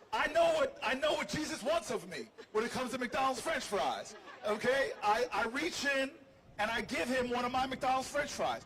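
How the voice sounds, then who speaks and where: A man's voice: extremely high pitch, noisy background. A man, a politician hosting a livestream, tells a humorous, self-deprecating story to a crowd outdoors. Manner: animated, jokey, self-deprecating. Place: outdoors on building steps.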